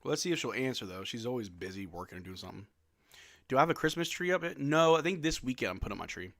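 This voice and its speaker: A young man from Louisiana hosting a casual livestream, chatting and answering viewers' questions with quick laughs. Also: mid-range voice, lively intonation, fairly bright tone. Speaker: livestream host.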